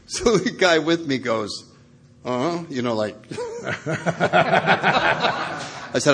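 A man telling funny stories at a meeting, laughing and acting out the people in them. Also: on the low side. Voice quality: laughs through his stories, does loud voices for others. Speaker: recovering alcoholic sharing at a meeting. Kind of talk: lively anecdotal storytelling.

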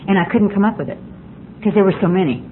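A woman's voice: mid-range voice, expressive, fast. A woman speaking at a recovery meeting, telling her personal story with candid, self-mocking humor. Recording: tinny phone-like line with faint hiss.

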